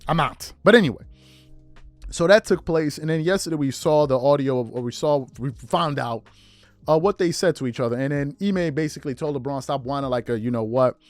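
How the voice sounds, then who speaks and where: A man's voice: fairly high pitch, fairly quick, no room sound, faint music behind. A man hosting a podcast, riffing through incredulous rhetorical questions in casual commentary. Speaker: podcast host.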